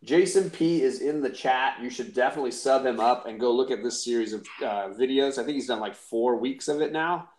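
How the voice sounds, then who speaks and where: A man's voice: mid-range voice, brisk, few pauses, darkish tone. A man co-hosting a live comic auction, chatting in a joking, rambling, self-deprecating way. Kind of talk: casual live-stream chat. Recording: roomy echo.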